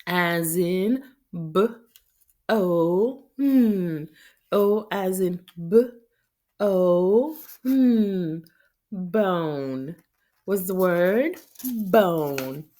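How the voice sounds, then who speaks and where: A middle-aged Haitian woman teaching young children phonics, sounding out letters and words slowly and clearly. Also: fairly low pitch, animated, mellow.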